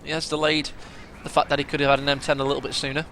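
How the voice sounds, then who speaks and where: A man casting a strategy game match, chatty play-by-play that bursts into excitement at big moments. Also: fairly high pitch, very fast, a little hiss or hum. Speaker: game caster.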